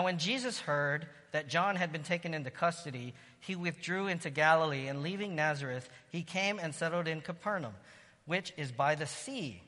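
Preaching man in an echoing hall. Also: on the high side. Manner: rises to loud exclamations of praise. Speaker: pastor. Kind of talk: sermon.

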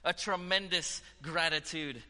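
A man preaching a sermon with passion, dropping to hushed tones and rising to loud declarations. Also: a little high, a little slow, in a large hall. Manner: impassioned, swinging from hushed to loud.

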